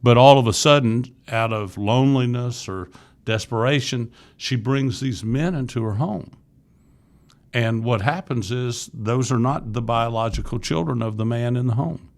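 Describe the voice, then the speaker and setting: Gravelly-voiced man in his sixties, earnest. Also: medium pitch, normal speed. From Florida, USA. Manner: earnest, candid, rambling with restarts. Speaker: podcast guest, youth ministry leader. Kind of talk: casual interview storytelling.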